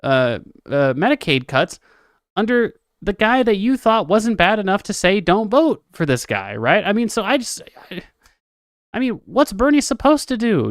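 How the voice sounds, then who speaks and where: A young man from Texas doing casual livestream political commentary, rambling, profane and animated. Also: high voice, moderate pace, dry recording, clean studio sound. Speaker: political streamer.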